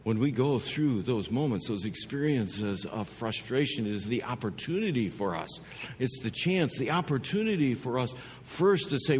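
A man pastor giving a sermon, his dynamic preaching swinging from hushed, drawn-out lines to emphatic, rising ones. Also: medium pitch, lively intonation, long reverb tail, a little hiss or hum.

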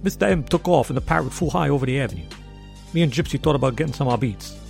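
A man's voice: mid-range voice, expressive, quick pace, creaky, a little mellow, soft background music. A man narrating a first-person story in a wry, tough-guy manner.

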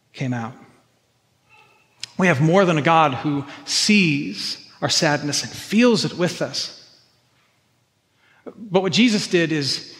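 A pastor delivers an earnest sermon in a fairly high voice, doubling back on his words as he builds each point. The sound rings out with a long hall reverb, as if caught in a church sanctuary. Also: fairly bright tone. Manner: earnest, repeats words when stressing a point.

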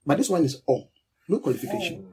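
A man's voice: on the high side, sing-song, quick pace, darkish tone, slightly rough, poor audio. A man preaching a sermon, teaching with emphatic repetition and call-and-response with his listeners.

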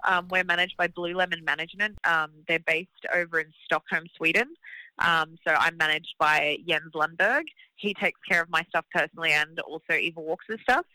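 A woman's voice: on the low side, fairly even intonation, normal speed, sharp tone, no room sound, low-quality recording. A woman from Australia with an Australian accent, a singer chatting as a guest on a podcast and telling stories with energy. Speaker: guest musician, vocalist. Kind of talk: casual podcast chat.

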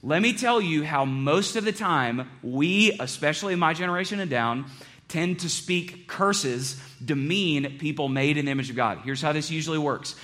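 A man's voice: a little high, expressive, moderate pace, pushed and bright. A man preaching a sermon as a pastor, earnest and conversational, often repeating his phrases.

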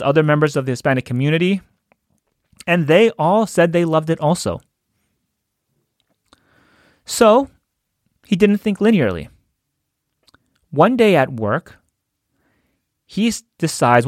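A man's voice: on the high side, no echo. Man telling a story, dry sound. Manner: conversational, chuckles while telling. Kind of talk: storytelling talk.

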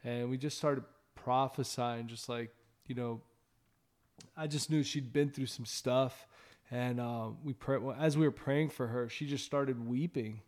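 A man's voice: mid-range voice, steady tone, unhurried, darkish tone. Earnest man sharing a faith testimony. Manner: earnest, rambling, with many fillers and restarts.

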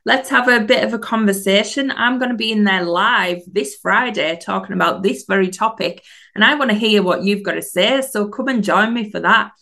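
A woman hosts a solo podcast on mindset, her voice sitting at an ordinary mid pitch. She coaches earnestly and warmly, building her case through a string of rhetorical questions. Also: normal speed, gravelly. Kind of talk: solo motivational podcast talk.

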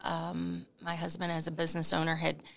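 A middle-aged woman telling a story as an interview guest, animated and laughing, with many fillers. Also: low voice, fairly quick, creaky. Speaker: coffee company founder, interview guest.

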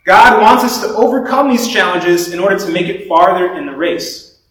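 A man's voice: high-pitched, moderate pace, a bit bright, distant mic. Man preaching in a very echoey room. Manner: conversational storytelling with repeated restarts. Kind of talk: sermon.

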